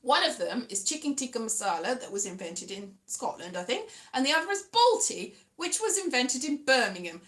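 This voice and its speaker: A woman's voice: high-pitched, pushed and bright, reverberant. A British woman rambling casually to camera, chatty and self-mocking, with frequent restarts and trailing asides. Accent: British English. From Britain. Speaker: vlogger.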